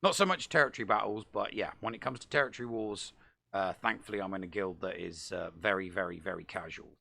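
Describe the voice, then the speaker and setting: A podcast co-host with a deep, heavily gravelly voice that still has a sharp, bright edge. He stammers over repeated words and lets his sentences trail off softly. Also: quick pace. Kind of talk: casual chat.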